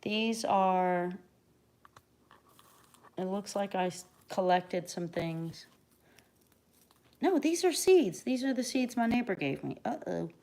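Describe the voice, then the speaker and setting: A chatty middle-aged American woman rambles through her craft livestream at a middle pitch. She drifts between quiet mutters to herself and sudden loud, excited bursts, talking casually to her viewers. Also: slow pace, long pauses. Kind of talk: casual live-stream chat.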